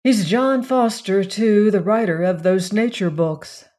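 A tired young woman who speaks bluntly and flatly, as an audiobook narrator reads her lines. She talks in a slow, drawn-out way, with plain storybook dialogue. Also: medium pitch, pitched above the performer's own voice, close to an everyday voice. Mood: weary, blunt. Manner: flat, mechanical delivery.

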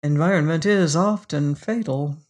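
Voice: medium pitch, darkish tone, lightly acted. A narrator voicing a fussy, businesslike male devil in a storybook reading, hesitant and peevish. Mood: fussy, uneasy. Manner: hesitant, then brisk and peevish.

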